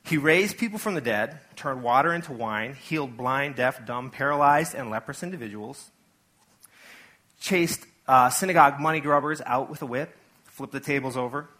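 A man's voice: medium pitch, normal speed, sharp tone. A man preaching a sermon to his church in a casual, conversational way, full of asides and acted-out quotes. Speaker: pastor.

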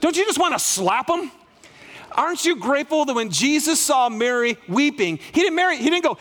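A male pastor preaching a sermon to a congregation, animated, acting out dialogue and asking the room for responses. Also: extremely high pitch, fairly quick.

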